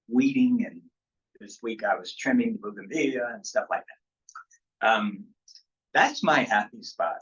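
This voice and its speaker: Bright-voiced pastor leading a study group. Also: male voice, on the low side. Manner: relaxed, chuckles often, many ums. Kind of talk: casual group discussion. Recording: dull lo-fi sound.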